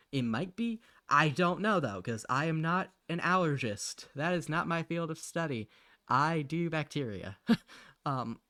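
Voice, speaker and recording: A man's voice: on the high side, bright, forceful tone, no echo, clean studio sound. A man chatting casually on a live stream while he draws. He rambles, mutters to himself, and laughs often.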